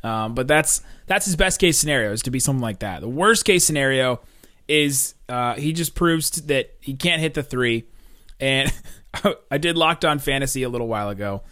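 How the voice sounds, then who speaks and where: A man's voice: medium pitch, expressive, moderate pace, bright, forceful tone. A man co-hosting a sports podcast, talking casually and laughing between points. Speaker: podcast co-host.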